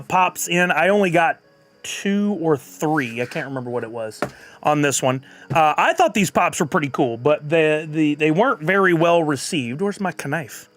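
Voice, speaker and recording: A man's voice: on the high side, fairly bright tone. A man streaming live, chatting casually and answering viewers' comments. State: has the hiccups.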